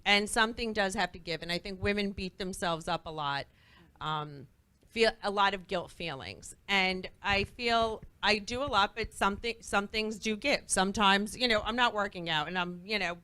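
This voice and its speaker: A woman guest in a talk-show interview before a live audience, telling stories with lively energy and acting out the dialogue. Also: mid-range voice, normal speed, smooth, dry recording. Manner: animated, acts out quoted dialogue.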